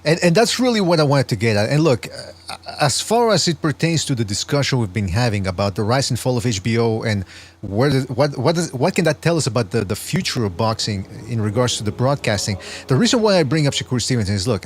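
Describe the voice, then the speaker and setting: Man hosting a boxing podcast, wry. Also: medium pitch. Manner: talkative, wry, rambling asides. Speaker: podcast host. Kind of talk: casual podcast commentary.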